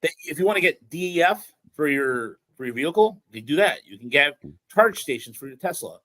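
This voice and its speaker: A man's voice: fairly high pitch, a little fast, no room sound, rough recording. A man hosting a casual sports podcast, rambling through stories with lots of restarts and fillers. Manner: rambling, many restarts and fillers, excited storytelling. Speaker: podcast host.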